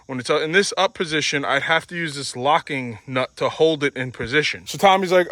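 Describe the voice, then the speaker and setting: A man with a fairly high voice talks through a casual vlog outdoors beside his tractor. He rambles in a friendly, chatty way and pokes fun at himself for not knowing the proper part names. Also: fairly quick, few pauses, pushed and bright, low-quality recording. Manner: rambling, chatty, self-deprecating. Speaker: outdoor channel vlogger. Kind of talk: casual show-and-tell vlog.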